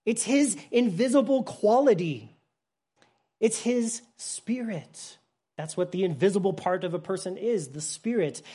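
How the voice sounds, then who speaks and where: This is a Bible teacher delivering a sermon at a mid-range pitch. The delivery rises to loud emphasis, then drops to near-hushed softness. Explanations are plain and simple, with frequent restarts. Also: lively intonation, measured pace, breathy edge.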